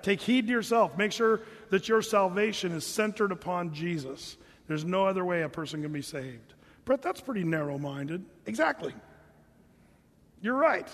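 Brief: male pastor, high tenor, chatty sermon delivery, hall reverb. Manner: conversational preacher, mimics hearers in a higher voice.

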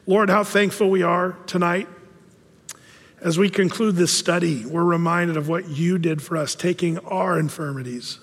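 A man preaching an earnest sermon, slowing down on key words for emphasis. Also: high-pitched, steady tone, fairly bright tone. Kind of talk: sermon with a story reading. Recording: long hall reverb.

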